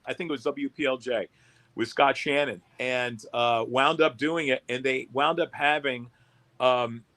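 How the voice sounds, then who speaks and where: A man's voice: mid-range voice, fairly bright tone. A man hosting a casual chat show, telling stories with bawdy jokes. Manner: storytelling, bawdy joking. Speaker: radio host.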